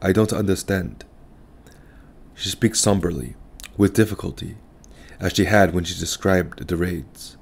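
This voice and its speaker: A man narrating a literary story in the first person, calm and reflective. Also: deep voice, moderate pace, creaky, breathy edge. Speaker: audiobook narrator.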